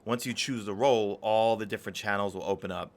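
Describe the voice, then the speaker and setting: A young adult gaming streamer chats casually and ramblingly while playing live, greeting viewers from chat. He talks fast in a lowish, steady voice.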